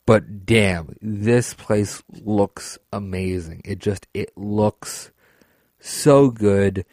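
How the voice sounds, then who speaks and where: Male podcast host with a lowish voice, dry close-mic sound; rambling, profane, excitable storyteller. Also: drawn-out words, no room sound. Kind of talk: casual storytelling.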